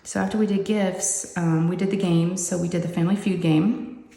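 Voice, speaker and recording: A woman with a lowish, gravelly, dark voice talks at a normal speed in a steady tone. She hosts a crafting channel and rambles casually to her viewers, chatty and meandering and saying "y'all," from her upstairs craft room with the door closed. The room is echoey with long reverb and a little faint noise.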